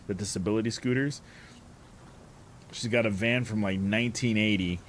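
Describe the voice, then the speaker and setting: A man casually telling a story, animated and profane, often breaking into laughter. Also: on the low side, normal speed, slight background noise. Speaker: streamer.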